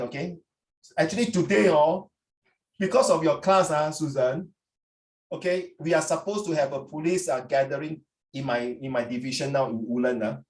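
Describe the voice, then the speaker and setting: A middle-aged man with a Singaporean English accent, giving chatty, lively feedback to students in an online class and mixing in Chinese phrases. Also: a little high. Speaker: tutor. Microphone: computer mic on a video call. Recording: echoey room.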